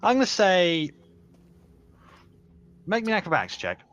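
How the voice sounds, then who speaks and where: A man's voice: sits high, huge pitch swings, normal speed, a bit bright. A man narrating as game master in a casual, loose way, full of small fillers.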